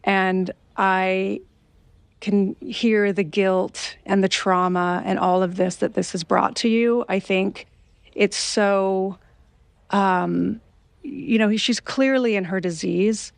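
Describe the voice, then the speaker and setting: A woman guest responding gently and sympathetically, hesitating as she chooses her words. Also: medium pitch, steady tone, slow, gravelly, dry recording. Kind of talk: empathetic conversation.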